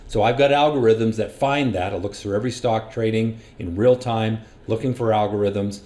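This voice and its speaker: A man's voice: on the low side, steady tone, normal speed, a little mellow. A man who runs a stock trading education channel, explaining risk and stop losses over a screen recording in a plain, practical teaching manner. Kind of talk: screen-share market lesson.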